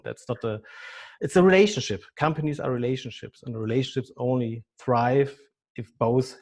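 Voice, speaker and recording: A man in his fifties with a German accent, a business consultant answering interview questions haltingly, often repeating words. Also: mid-range voice, darkish tone. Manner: halting, repeats words, non-native phrasing. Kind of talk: podcast interview.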